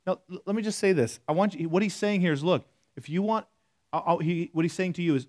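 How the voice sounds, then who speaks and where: Man, fairly high voice, conversational sermon, reads scripture, lots of restarts. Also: fast talker, darkish tone. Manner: conversational preaching, reads scripture aloud, many fillers and restarts. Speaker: pastor.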